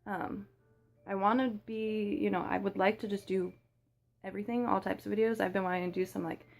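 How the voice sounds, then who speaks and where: Una joven adulta charla de forma casual y divagante mientras come, grabándose con el teléfono, con muchas muletillas. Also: female voice, mid-range voice, fairly even intonation, fairly quick, gravelly, soft background music. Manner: rambly, chatty, full of fillers. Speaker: small YouTuber. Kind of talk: casual rambling chat while eating. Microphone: phone.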